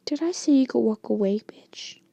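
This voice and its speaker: A woman's voice: fairly high pitch, expressive, moderate pace, creaky, warm tone, dry recording. A woman voicing a mocking teenage girl bully in a taunting, sneering way, as a whispered story reading.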